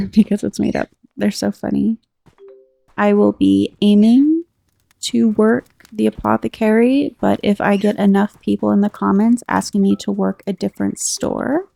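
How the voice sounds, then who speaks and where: An American woman giving relaxed, rambling commentary while playing a game, chatting to her viewers. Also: medium pitch, gravelly, no room sound. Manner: chatty, rambling, reads game text aloud. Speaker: gameplay commentator.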